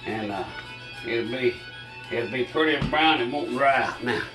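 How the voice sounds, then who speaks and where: A man's voice: medium pitch, normal speed, far from the mic. An older Southern man talks viewers through a recipe in a homey, chatty drawl, breathing a little hard between phrases. He sounds set back from the mic in an echoey kitchen. Faint music plays underneath. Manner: folksy, chatty, addresses viewers as y'all. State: short of breath. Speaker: cooking channel host. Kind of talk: casual home cooking demonstration. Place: home kitchen.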